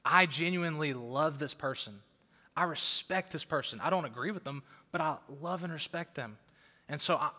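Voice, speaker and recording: Fired-up preacher man, bright ringing voice. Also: a little high. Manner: fired-up preaching, repeats words for emphasis. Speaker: pastor. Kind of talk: sermon. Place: church auditorium before a crowd. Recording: long hall reverb.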